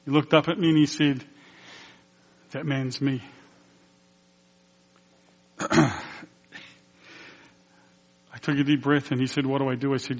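Male preacher, mid-pitched, earnest and emotional storyteller voicing the people in his story, in a reverberant church hall. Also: little pitch movement, slow, long pauses. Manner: earnest storytelling, acting out quoted dialogue. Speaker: pastor. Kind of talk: personal testimony in a sermon.

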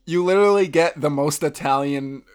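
A man's voice: fairly high pitch, moderate pace, smooth. A man co-hosting a podcast, chatting casually and joking with frequent laughs. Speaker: podcast co-host. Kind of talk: casual chat.

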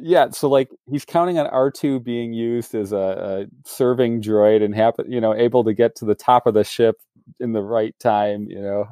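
Hesitant mid-pitched man. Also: fairly even intonation, moderate pace, dark tone, no room sound. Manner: hesitant, lots of "like" and "you know". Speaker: podcast guest. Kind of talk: casual podcast chat.

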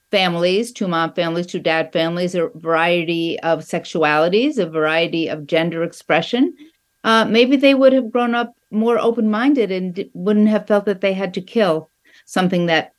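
A woman in her sixties, an author being interviewed, speaking in a thoughtful, earnest, measured way. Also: medium pitch. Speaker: author guest. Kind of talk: interview conversation.

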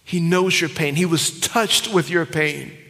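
A man preaching in a church with a slightly high voice, pushing hard on emphatic lines and then dropping to near-whispers. His words ring out with a long hall reverb behind them. He works the room like a pastor. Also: unhurried, vocal fry. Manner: swings between loud emphatic cries and hushed whispers. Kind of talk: sermon. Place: church sanctuary.

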